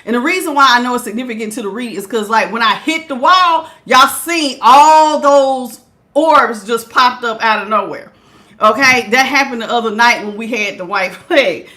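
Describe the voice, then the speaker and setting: A woman with a high, bright voice gives a tarot reading from her home. She talks to her viewers in a lively, slangy, familiar way and keeps the tone casual. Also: normal speed. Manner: animated, talks straight to viewers with Southern-style slang and bursts of laughter. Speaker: tarot reader.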